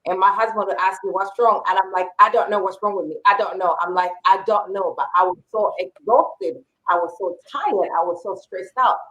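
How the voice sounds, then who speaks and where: A woman in her forties co-hosts a relaxed podcast conversation. She tells her own story openly in a middle-pitched voice and slips into the voices of people she quotes. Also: fairly quick, hardly any pauses, poor audio. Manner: candid personal storytelling, acting out quoted remarks. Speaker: podcast co-host. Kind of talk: casual podcast chat.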